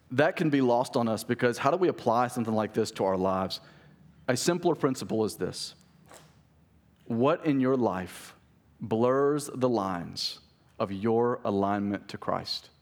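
A middle-aged male pastor preaching a sermon, emphatic, swinging from raised, urgent lines to hushed, slow ones. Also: fairly low pitch.

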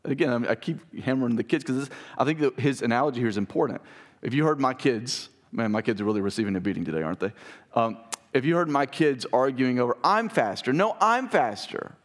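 A man in his thirties giving a conversational sermon as pastor, emphatic and animated with joking asides. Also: medium pitch, quick pace.

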